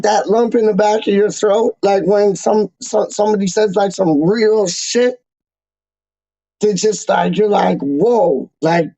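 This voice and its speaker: A man's voice: high voice, warm tone, no room sound, dull audio. A man hosting a fan channel, talking in a casual, slangy and emotional way with many repeated exclamations.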